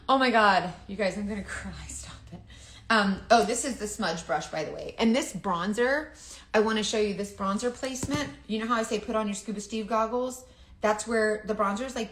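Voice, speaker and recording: A woman's voice: mid-range voice, roomy sound. A woman who chats casually while doing her makeup, rambling, confiding and often trailing off. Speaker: makeup seller and vlogger.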